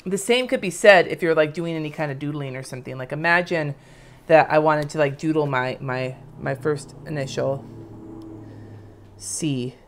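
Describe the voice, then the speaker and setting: A woman in her thirties with a deep voice teaches lettering on a casual live stream, talking at a moderate pace over slight background noise. She's chatty and rambling, explaining things as she draws them.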